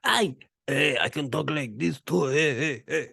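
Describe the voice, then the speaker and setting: A man puts on a slow, dragging, croaky voice as a podcast joke. It sounds husky and gravelly yet bright and edgy, drawn out word by word in a dry, close recording. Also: a little high, dry recording, pitched above the performer's own voice, exaggerated voice. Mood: playful. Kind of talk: jokey put-on voice on a podcast.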